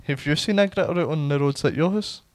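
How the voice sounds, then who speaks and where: A man's voice: a little high, fast, darkish tone, dry recording. A Glaswegian Scottish man co-hosting a podcast, teasing his friend with wind-up questions in casual banter. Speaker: podcast co-host.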